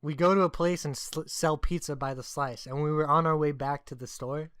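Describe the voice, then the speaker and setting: A man's voice: on the high side, steady tone, fairly quick, a bit bright, clear, resonant tone, dry recording, studio quality. A young man co-hosting a casual podcast, teasing his friend and telling profane stories with frequent laughs. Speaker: podcast co-host.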